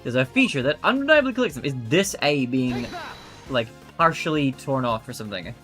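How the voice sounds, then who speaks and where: A man's voice: medium pitch, sing-song, a little fast, a bit bright, faint music behind. A man chatting casually while streaming a game, self-mocking. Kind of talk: casual live-stream chat.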